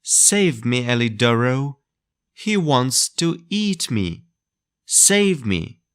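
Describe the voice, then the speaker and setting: A little puppet boy, as a man reads him, urgent and thankful. He speaks very slowly and the pitch swings widely, as in a storybook read to learners. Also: very animated, fairly bright tone, clean tone, heavily acted. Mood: desperate. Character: grateful boy puppet, small and scared.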